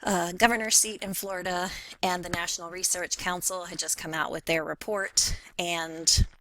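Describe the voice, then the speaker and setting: A woman's voice: lowish voice, steady tone, normal speed, noisy background. A woman giving a recorded self-introduction for a class, speaking hesitantly and stumbling over her words with fillers. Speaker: faculty member taking a graduate class.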